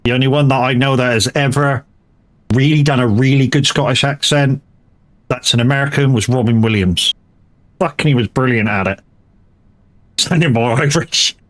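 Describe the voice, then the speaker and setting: A man's voice: medium pitch, normal speed, long pauses. Rambling, casually swearing male streamer. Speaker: live-stream gamer. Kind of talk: casual live-stream chat.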